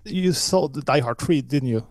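A man's voice: mid-range voice, moderate pace, darkish tone. A man joining a podcast as guest in casual chat, emphatic, teasing and opinionated.

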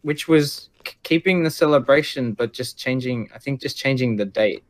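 A man in a casual chat, explaining his views in a steady, earnest way. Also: mid-range voice, moderate pace. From Australia.

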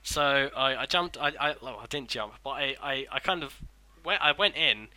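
A man's voice: mid-range voice, animated, moderate pace, sharp tone, no echo, low-quality recording. A young man rambling through casual chat, swearing often and restarting his sentences.

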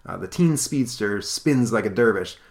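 A man's voice: fairly low pitch, expressive, normal speed, gravelly, darkish tone. A man casually chatting about an old comic book as podcast host, rambling with lots of fillers.

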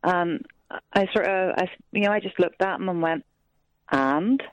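A woman's voice: lowish voice, steady tone, normal speed, no echo, low-quality recording. Hesitant woman caller on a dry line. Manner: hesitant, with lots of fillers. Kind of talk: phone-in call.

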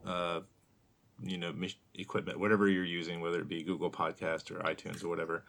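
A man's voice: deep voice, level tone, fairly quick, fairly bright tone. A man co-hosting a podcast, explaining things in a rambling, casual way and laughing easily. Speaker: podcast co-host. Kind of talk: casual chat.

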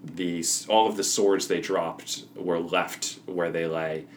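Deep-voiced man narrating a tabletop game. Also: steady tone, slow, slight background noise. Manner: laid-back storytelling with frequent fillers and laughs. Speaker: game master.

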